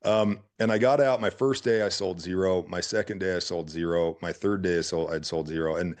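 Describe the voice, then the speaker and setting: A man's voice: low-pitched, brisk. A middle-aged man from Utah, telling business stories as a guest in a casual interview and acting out the people he quotes. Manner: animated, acts out quotes. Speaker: guest entrepreneur. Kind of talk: casual storytelling.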